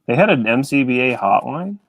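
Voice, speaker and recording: A man's voice: mid-range voice, very animated, brisk, fairly bright tone, no room sound, low-quality recording. A man chatting casually while he draws on a live stream, rambling and self-deprecating. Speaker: artist on a live drawing stream. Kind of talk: casual chat while drawing.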